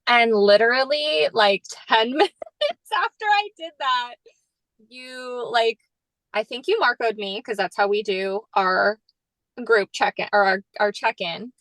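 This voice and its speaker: A woman with a fairly high voice chats on a podcast, spinning her story animatedly and sprinkling in "like" constantly. The sound is dry and close, with no room around her. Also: unhurried, no room sound, low-quality recording. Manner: animated storyteller, heavy use of "like", jumps high when quoting others. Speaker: podcast co-host. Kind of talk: casual podcast chat.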